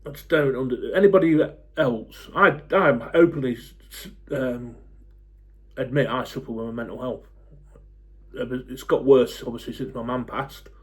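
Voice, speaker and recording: A football fan YouTuber in his forties rants to camera, blunt and fed up, swearing freely and pausing on lots of ums. He has a mid-range voice.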